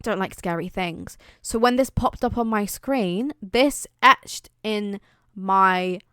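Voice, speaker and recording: A woman's voice: mid-range voice, fairly bright tone, smooth, no room sound, clean studio sound. A young British woman chatting on her vlog, playful and dramatic, exaggerating for effect. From Britain. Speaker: vlogger. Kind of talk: casual chat.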